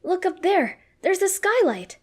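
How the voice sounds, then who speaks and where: A woman's voice: very high voice, sing-song, unhurried, voice pushed up, heavily acted. Woman doing Ash, raised and flustered. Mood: alarmed, yelling. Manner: loud, anxious yelling. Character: flustered teen boy hero in a girl's body.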